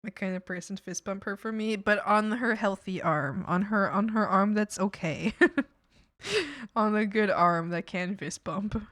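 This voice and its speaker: A woman's voice: medium pitch, measured pace, a bit bright, dry recording, studio quality. A young adult woman chatting casually on a livestream while she draws. She is giggly and emotional, laughs often, and trails off and restarts her sentences. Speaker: art streamer.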